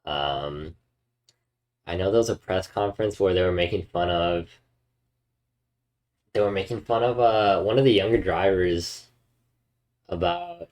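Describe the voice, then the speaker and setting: A man's voice: low-pitched, lively intonation, measured pace, long pauses, a little mellow. A young man and university student chatting casually with his viewers in a laid-back way, with lots of ums and uhs. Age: young adult. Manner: laid-back, many fillers. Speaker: streamer.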